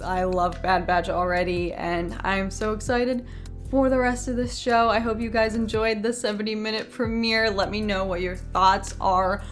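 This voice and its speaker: A woman giving a chatty, unscripted episode review in a tired late-night voice, gushing and saying "like" a lot. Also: mid-range voice. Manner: chatty and gushing, with many filler "like"s.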